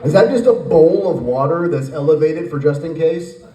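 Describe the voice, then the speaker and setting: A man in his forties tells a rambling stand-up story, slipping into acted voices along the way. His voice sits a little high for a man. It is heard from some distance in a roomy, echoing space. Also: moderate pace, warm tone. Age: 40s. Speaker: stand-up comedian. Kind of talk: stand-up comedy set. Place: brewery stage with live audience.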